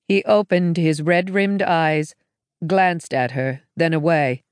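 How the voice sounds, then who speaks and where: A woman narrating a science fiction audiobook in a measured, even storytelling manner. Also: lowish voice, clear, resonant tone, dry recording, clean studio sound.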